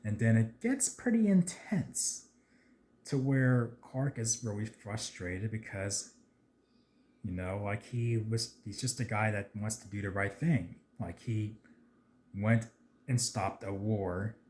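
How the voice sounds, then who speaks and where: A man chatting casually about a movie trailer, rambling with lots of fillers and getting excitable at times. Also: on the low side, slow pace, slight background noise. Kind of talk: casual video commentary.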